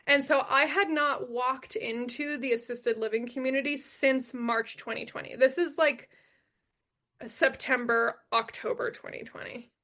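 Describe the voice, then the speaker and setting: A young adult woman with a high voice tells her story as a podcast guest. She talks bluntly and emphatically, swears freely and repeats the lines that matter to her. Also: pushed and bright.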